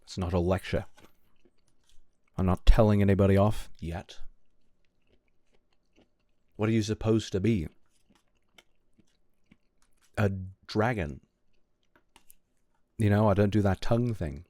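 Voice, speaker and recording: A British-accented male streamer with a lowish voice talks unhurriedly to his chat. He is wry and teasing, drifting between thoughts and clearing his throat often. The sound is close and dry. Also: measured pace, pauses often, dark tone, no echo. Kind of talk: casual live-stream chat with viewers. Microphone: close desk mic.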